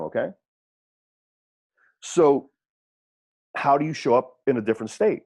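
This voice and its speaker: A man giving an audio coaching seminar, repeating his points and checking in with listeners through quick rhetorical questions. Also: mid-range voice, a little mellow. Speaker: wrestling coach.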